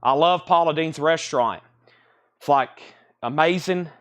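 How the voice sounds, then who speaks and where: A man's voice: a little high, a little slow. A man hosting a live stream, chatting and rattling off record titles and prices. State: out of breath. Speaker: live sale host. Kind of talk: live-stream sales patter.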